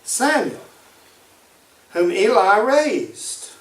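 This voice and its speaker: A man's voice: high voice, very animated, drawn-out words, fairly bright tone, recorded from a distance. A man preaching a sermon, emphatic and repeating his key phrases. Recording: echoey room, voice from off-mic.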